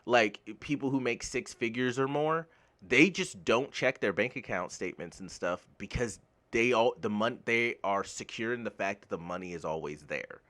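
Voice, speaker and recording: A man from the United States giving a casual, blunt gaming commentary rant, swearing freely and getting animated when worked up. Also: fairly low pitch, normal speed. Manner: blunt, swears freely, laughs at own jokes. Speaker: gaming YouTuber.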